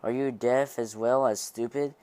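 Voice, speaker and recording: A man reading the lines of a gruff, scornful stooped old man with a nasal tenor, in an amateur audiobook reading. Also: mid-range voice, steady tone, moderate pace, a little mellow, dry recording, close to an everyday voice. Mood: gruff scolding. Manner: scolding, mocking.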